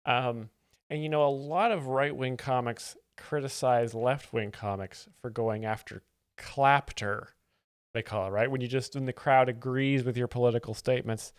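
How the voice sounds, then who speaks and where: A man hosting a live comedy stream, making deadpan ironic asides over clips. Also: medium pitch, moderate pace, clear, resonant tone, no room sound, clean studio sound. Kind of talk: satirical live-stream commentary.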